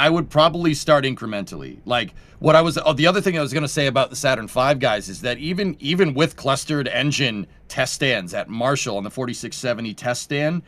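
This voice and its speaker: A man's voice: medium pitch, a bit bright. Male host, casual livestream chat, rambling and self-correcting.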